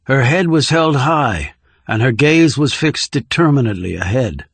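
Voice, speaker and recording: A male audiobook narrator with a mid-pitched voice reads a thriller in a measured, steady way. The sound is dry and close, with no room around it. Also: gravelly, breathy edge, no room sound. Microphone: close studio microphone.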